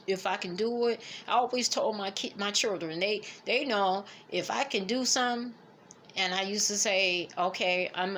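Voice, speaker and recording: A middle-aged woman, speaking haltingly and emotionally as she reflects on family in a personal vlog. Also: mid-range voice, fairly bright tone, slight background noise. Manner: emotional, halting, fighting back tears. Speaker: vlogger.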